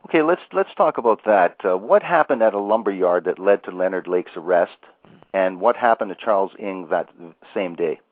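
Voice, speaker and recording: A man's voice: low voice, lively intonation, normal speed, no room sound. A man hosting an interview, asking long questions with restarts. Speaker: interview host. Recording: tinny phone line.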